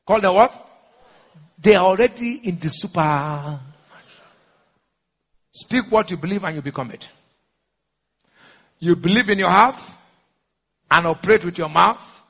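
A Nigerian man preaching in an echoey church hall, pitching his voice high and bright. His delivery is emphatic and lively, full of call-and-response questions to the crowd. The voice has a husky edge. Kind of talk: sermon.

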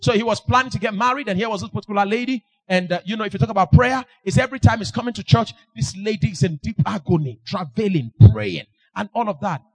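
A male preacher, delivering a sermon in a booming, sing-song style with sudden shouts. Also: quick pace, hardly any pauses.

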